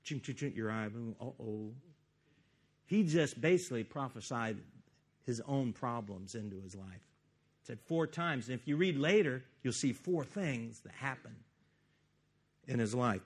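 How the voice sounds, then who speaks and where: A man preaching a sermon, retelling a Bible story in an animated way that swings from loud to hushed. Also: mid-range voice, a little slow, breathy edge.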